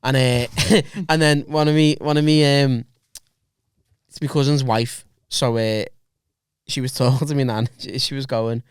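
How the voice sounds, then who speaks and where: A man's voice: medium pitch, fairly even intonation, measured pace, clean tone, no room sound, studio quality. A young adult man, co-hosting a comedy podcast and telling sweary, laughing anecdotes in casual chat. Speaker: podcast co-host.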